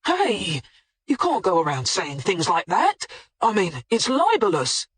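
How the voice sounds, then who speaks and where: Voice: mid-range voice, wildly swooping pitch, measured pace, a bit bright, husky, no room sound, full character voice. A narrator doing a wary, blunt butcher. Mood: nervous. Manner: blunt colloquial working-class talk. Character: wary middle-aged male butcher, defensive and coarse. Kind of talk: audiobook character voicing.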